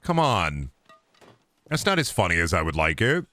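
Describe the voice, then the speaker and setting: A young man riffs and jokes through his gameplay, his voice bright and very animated as it jumps from loud outbursts to low mutters. He sounds close to the mic in a dry, dead room. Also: moderate pace, dry recording. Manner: rambling, jokey, swings between loud outbursts and low mutters. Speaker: gaming streamer. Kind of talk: casual gameplay commentary.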